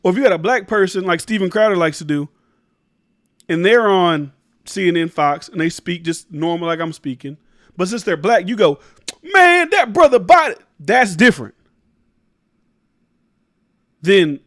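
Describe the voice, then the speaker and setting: A high-pitched man rants through his own commentary show. He talks emphatically, swears a lot and trips over restarts. The sound is close and dry, with little room echo. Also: normal speed, long pauses. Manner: emphatic, rambling, profane, restarts mid-sentence. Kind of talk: casual opinion commentary.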